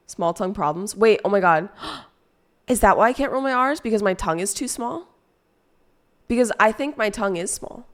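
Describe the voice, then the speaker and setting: A woman's voice: mid-range voice, a little slow. Chatty, swearing woman streamer. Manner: swearing, chatty, rambling with fillers. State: drunk and stoned. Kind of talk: casual chat with viewers.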